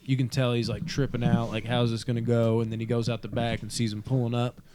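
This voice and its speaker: A man co-hosting a podcast, recapping a movie in casual, excited, profane chat. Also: mid-range voice, fast talker, noisy background. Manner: excited, profane, retells scenes with acted quotes. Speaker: podcast co-host. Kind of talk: casual film discussion.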